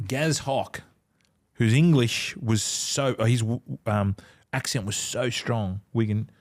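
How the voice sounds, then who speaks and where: Taking it slowly in a medium-pitched voice, a middle-aged Australian ex-rugby league player shares stories as a podcast guest. The chat is casual, and he swears freely while acting out what others said.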